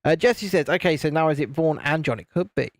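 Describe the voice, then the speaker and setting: Building LEGO live, a man from the UK keeps up a casual chat, teasing friends by mimicking them in higher voices and reading viewer comments. He sounds expressive and brisk, with no room sound.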